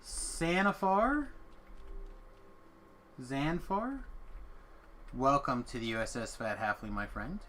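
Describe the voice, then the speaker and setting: A man's voice: mid-range voice, animated, slow pace, long pauses, bright, forceful tone, slight background noise. A man hosting a casual gaming stream, joking with friends and thanking viewers in a playful way. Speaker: streamer host.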